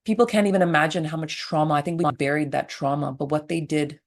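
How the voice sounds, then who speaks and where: Blunt, animated woman telling birth stories. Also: sits low, fast. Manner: blunt and animated, swears freely. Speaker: guest, birth attendant. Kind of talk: candid storytelling interview.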